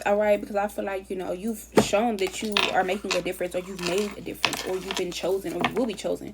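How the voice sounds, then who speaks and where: Rambling, fast-talking woman tarot reader. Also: mid-range voice, little pitch movement, very noisy. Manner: chatty, rambling, repeats phrases; casual slang and swearing. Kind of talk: casual tarot reading.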